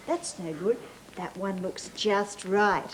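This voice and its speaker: A woman's voice: mid-range voice, takes it slowly, lightly acted. A woman doing fussy little Goldilocks. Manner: fussy, exclamatory. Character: curious, fussy little girl. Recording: hissy old 1980s TV tape.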